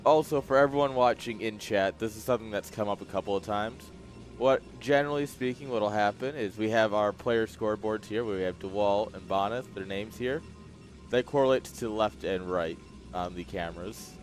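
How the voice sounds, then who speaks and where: A man co-casting an esports event in a chatty, relaxed way, often laughing as he talks. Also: fairly low pitch, normal speed, soft background music. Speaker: co-caster and event organizer. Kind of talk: live casual commentary.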